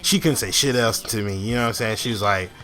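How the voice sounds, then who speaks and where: A man's voice: lowish voice, fast, sharp tone. A young man casually telling a long story over gameplay, rambling with lots of fillers, restarts and swearing. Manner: rambling, many fillers and restarts, frequent profanity. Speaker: gaming channel host.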